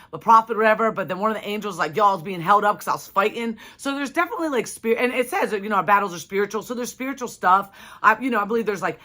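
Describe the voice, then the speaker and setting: A woman's voice: medium pitch, bright, forceful tone. A young adult woman telling a personal story to her viewers in a casual, chatty way, full of "like" and "you know". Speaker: vlogger.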